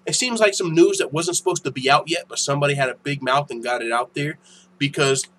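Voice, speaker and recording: A young man hosting a casual MMA news channel, ranting in a profane, animated way that turns heated and loud. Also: fairly high pitch, a little hiss or hum, rough recording. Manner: profane, animated, quick to get heated and shout.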